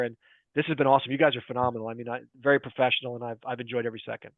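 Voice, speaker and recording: A man's voice: mid-range voice, little pitch movement, racing, no echo. A man guesting on a podcast, a chatty storyteller who laughs often in casual talk. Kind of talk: casual chat. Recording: tinny phone-like line.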